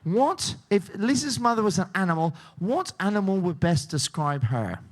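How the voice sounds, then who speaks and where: A man's voice: sits high, expressive, moderate pace. A man hosting a game show, joking and teasing the contestants and laughing often. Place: cruise ship show lounge.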